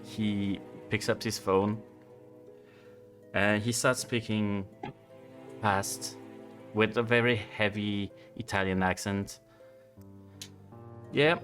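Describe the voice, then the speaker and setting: A man's voice: on the low side, steady tone, slow, pauses often, fairly bright tone, soft background music. A man narrating a tabletop game as game master, in a playful, laughing way.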